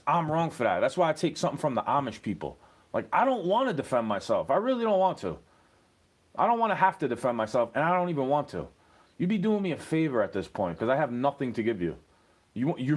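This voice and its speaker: A man rants straight to camera in a husky voice, cursing and sounding aggrieved as his pitch swings widely from low grumbles to sharp highs. It plays as a rambling, heated monologue. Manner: aggrieved, profane, rambling rant. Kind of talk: ranting monologue.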